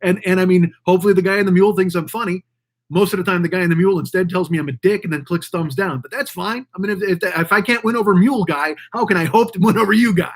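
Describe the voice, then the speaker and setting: A man talking alone on his own show, cursing often and drifting from one gripe to the next. His voice sits high and husky, and he mocks what annoys him with a loose, rambling energy. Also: fast talker. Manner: profane, rambling, mocking. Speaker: podcast host. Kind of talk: casual ranting monologue.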